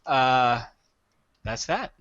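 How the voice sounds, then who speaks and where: A chatty man at a tabletop game, his voice bright and a little sharp as he lays out his character's plans in detail. The mic is dry and dull, with no room sound. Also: mid-range voice, lively intonation, extremely slow, dry recording. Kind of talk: casual tabletop role-play.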